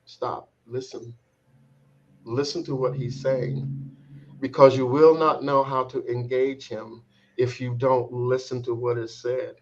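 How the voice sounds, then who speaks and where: A man's voice: medium pitch, little pitch movement, slight background noise. Man, transformation coach, reflective storytelling, repeats words, slightly dull sound. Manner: reflective, halting, repeats words while searching for them. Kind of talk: telling a personal story in an interview.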